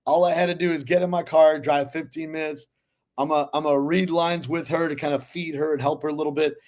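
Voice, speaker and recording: A man in a relaxed interview, rambling through stories with lots of "like" and "you know" and plenty of cursing. His voice sits a touch high for a man. He talks loosely and laughs often. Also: a little fast. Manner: loose storyteller, lots of fillers and profanity. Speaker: guest actor. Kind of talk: casual interview chat.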